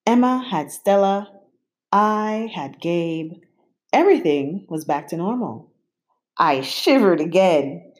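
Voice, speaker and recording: A woman reading a children's picture book aloud in an expressive, unhurried way. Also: fairly low pitch. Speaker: storyteller.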